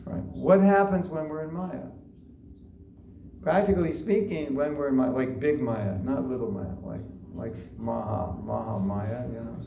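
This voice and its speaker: A man's voice: medium pitch, fairly even intonation, a little slow, mellow. A man giving a devotional lecture at a temple class, talking in a conversational way, asking the listeners questions and using many fillers. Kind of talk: devotional lecture to a live group. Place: temple hall. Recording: echoey hall, voice from far off, faint noise.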